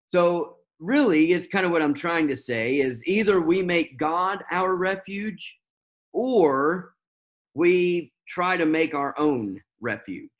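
A man preaching a sermon, talking unscripted with many fillers and restarts. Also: on the high side.

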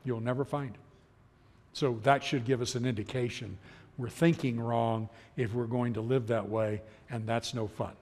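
A middle-aged man teaching a Bible class, telling stories in an animated way and acting out the voices he quotes. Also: medium pitch, normal speed. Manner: chuckles as he talks. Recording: long hall reverb.

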